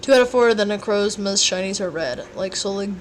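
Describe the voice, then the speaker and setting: A woman's voice: medium pitch, fairly quick, a little hiss or hum. A tired young woman livestreaming as she cooks, chatting to her viewers in a rambling, playful way with sing-song asides. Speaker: livestreamer cooking for chat. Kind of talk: casual livestream chat while cooking. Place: home kitchen. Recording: clear kitchen clatter behind.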